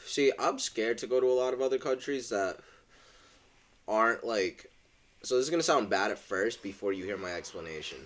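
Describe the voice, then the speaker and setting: A man's voice: fairly low pitch, expressive, moderate pace, fairly bright tone. A young man co-hosting a podcast, rambling and joking with lots of fillers. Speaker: podcast co-host. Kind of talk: casual chat.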